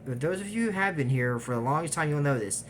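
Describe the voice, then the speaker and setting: A man recapping an animated series in a casual, digressive way, trailing off with fillers and little laughs. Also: fairly high pitch, fast, slight background noise. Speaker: YouTube recap host. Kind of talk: casual rambling episode recap.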